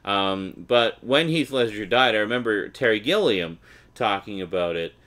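A man's voice: on the low side, animated, normal speed, fairly bright tone. A Canadian man chatting casually and wryly while opening a package and reading out the blurbs. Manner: chatty and wry, reading blurbs with mock enthusiasm. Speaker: unboxing vlogger.

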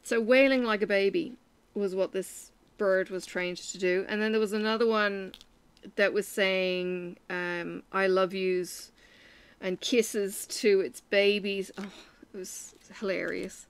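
Stitching away for her crafting vlog, this Irish-accented woman tells meandering, filler-heavy stories in a casual way. Her mid-range voice stays steady, slow and smooth.

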